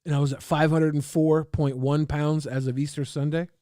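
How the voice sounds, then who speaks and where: A man streaming casually, reading and answering chat in a loud, profane, combative rant. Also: fairly high pitch, level tone, normal speed, no echo, studio quality.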